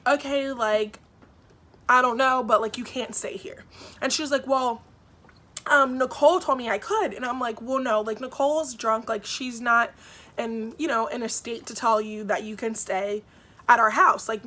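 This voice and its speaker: A young woman in her twenties vlogging a storytime, retelling events in a lively way with lots of "like" and acted-out quotes. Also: a little high. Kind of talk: storytime vlog.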